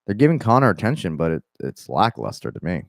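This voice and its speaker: A man's voice: deep voice, wildly swooping pitch, fast, creaky, dry recording, clean studio sound. A young Southern man hosting a casual MMA talk show, rambling and profane with plenty of restarts. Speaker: MMA podcast host. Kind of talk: casual commentary.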